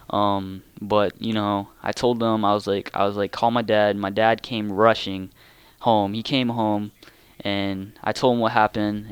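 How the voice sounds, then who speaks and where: Young male, lowish smooth voice, loose rambling gaming commentary. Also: no room sound. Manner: rambling, lots of "like" and "you know". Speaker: gaming channel creator. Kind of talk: casual storytelling commentary.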